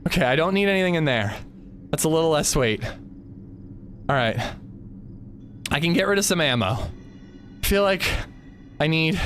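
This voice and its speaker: Jittery, anxious streamer man, lively voice. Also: a little high, measured pace, pauses often. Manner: anxious, jittery, talking himself through it. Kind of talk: live gameplay commentary.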